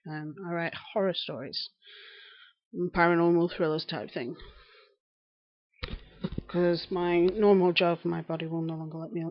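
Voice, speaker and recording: A woman from York with a Yorkshire accent, chatting casually on a live stream while knitting and answering viewers' comments. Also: lowish voice. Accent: Northern English, Yorkshire. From England. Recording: slightly dull lo-fi stream audio.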